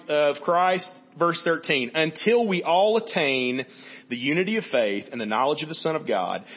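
A pastor with a slightly high, breathy voice preaches a sermon, and the audio sounds dull. He addresses the congregation conversationally, frequently tossing in "right?" as an aside.

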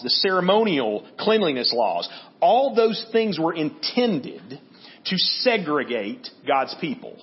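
Male pastor, conversational sermon delivery, slightly high voice, dull lo-fi recording. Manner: conversational teaching, frequent "right?" checks. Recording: dull lo-fi audio.

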